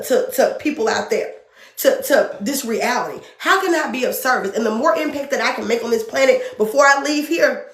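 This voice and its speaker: A woman's voice: mid-range voice, a bit bright, roomy sound. A woman speaking as a podcast guest in an earnest, emotional way, often repeating phrases for emphasis. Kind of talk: passionate spiritual conversation.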